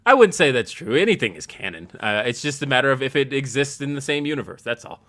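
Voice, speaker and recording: A man co-hosting a casual wrestling talk show, animated and laughing often as he gets worked up. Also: quick pace. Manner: animated, laughs a lot, jumps high in pitch when excited. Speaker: co-host.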